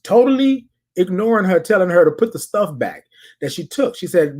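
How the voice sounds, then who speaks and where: Animated, husky podcast storyteller. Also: medium pitch, moderate pace. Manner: animated, repeats phrases, addresses listeners directly. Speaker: podcast host.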